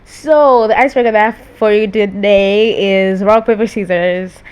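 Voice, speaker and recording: A young woman hosting a casual chat, giggly and quick when nervous. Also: medium pitch, steady tone, smooth. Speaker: host.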